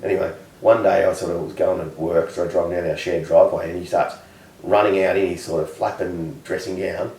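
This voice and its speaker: An Australian comedian chatting casually, telling a rambling anecdote with laughs along the way. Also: male voice, deep voice, steady tone, fairly quick, darkish tone, reverberant, distant mic, poor audio. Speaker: comedian guest. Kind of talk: casual chat, storytelling.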